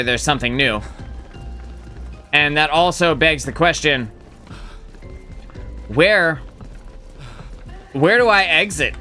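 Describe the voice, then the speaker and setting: A man's voice: fairly high pitch, bright, forceful tone. A man streaming a game live, rambling casually as he thinks aloud and swears now and then. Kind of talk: casual gameplay commentary.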